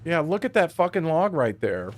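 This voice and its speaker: A man's voice: fairly high pitch, big pitch swings, normal speed, slight background noise. A man streaming a truck driving game, chatting casually and grumbling profanely to himself. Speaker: gaming streamer.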